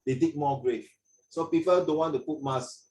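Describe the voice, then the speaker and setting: A man with a Singaporean English accent tutors children in an online English lesson, his voice on the high side and darkish, at a moderate pace. He rambles with frequent fillers and restarts and mixes in Mandarin. The recording is rough and roomy, captured from a distance.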